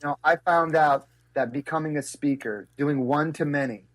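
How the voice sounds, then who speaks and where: Animated storytelling man, higher voice. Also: moderate pace. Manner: lively, acts out quotes with big pitch jumps. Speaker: guest speaker and business coach.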